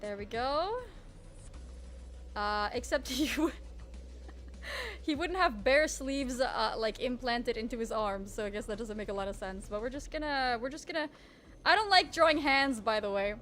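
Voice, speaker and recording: A woman's voice: a little high, moderate pace, pauses often, a bit bright, slight background noise. A woman streamer chatting casually while she draws, self-mocking and full of trailing restarts. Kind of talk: casual live-stream chat while drawing.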